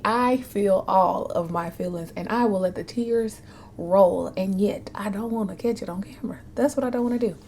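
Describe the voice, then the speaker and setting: A woman, earnestly sharing personal feelings to camera and often dropping to a soft whisper. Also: mid-range voice, moderate pace, a little hiss or hum. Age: 30s. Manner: earnest, emotional, addresses viewers as y'all, drops to soft whispers. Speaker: vlogger. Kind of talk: heartfelt personal talk to camera.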